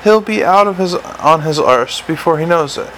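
In this audiobook, a man gives voice to a worn-out commander of the city watch who talks in clipped, dry, sardonic lines. The sound has a gravelly edge and sits slightly high for a man. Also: animated, normal speed, fairly bright tone, slight background noise, poor audio. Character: gruff weary male city watch commander. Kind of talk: audiobook character reading.

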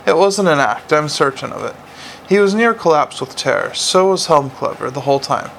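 A man reading a storybook who voices a calm, precise young female constable, matter-of-fact in her report. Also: a little high, moderate pace, gravelly, slight background noise, rough recording. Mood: certain.

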